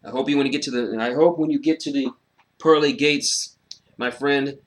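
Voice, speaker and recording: A man giving a casual, animated solo review of a wrestling show, sarcastic and swearing freely, with frequent fillers. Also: mid-range voice, normal speed.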